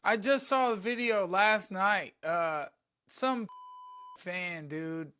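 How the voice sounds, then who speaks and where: A man co-hosting a podcast, his voice high and bright. He chats casually and teases the others with a joking edge. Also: slow pace. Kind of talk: casual chat.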